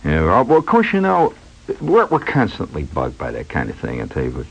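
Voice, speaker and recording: A man's voice: low-pitched, huge pitch swings, normal speed, breathy edge. A man hosting a rambling radio monologue from a studio, a wry storyteller musing aloud with asides and fillers, heard on a dull lo-fi old broadcast. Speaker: radio host.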